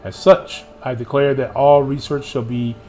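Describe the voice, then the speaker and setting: A man's voice: medium pitch, little pitch movement, moderate pace, darkish tone. A male gaming streamer reads the story dialogue aloud with dramatic emphasis. His voice sits in an ordinary middle register. He breaks off now and then for playful asides to his viewers, over faint game music. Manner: theatrical reading, playful asides to chat.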